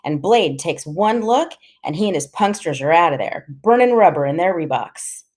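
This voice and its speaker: A woman's voice: fairly low pitch, animated, normal speed, a little mellow. A woman reading a first-person story aloud in a casual, slangy storytelling manner. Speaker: audiobook reader.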